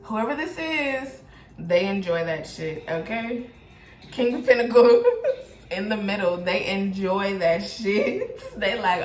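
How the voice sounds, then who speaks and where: A woman doing a casual tarot reading, animated and profane, often breaking into laughter. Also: medium pitch, unhurried. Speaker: tarot reader. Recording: echoey room with faint noise.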